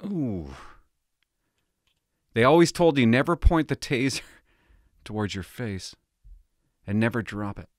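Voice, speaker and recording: A man's voice: medium pitch, expressive, slow, pauses often, no echo, clean studio sound. A former police officer talking casually to camera, nervous and laughing to himself as he pries open a device. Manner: nervous, laughing, talks to himself while tinkering. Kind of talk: casual vlog narration.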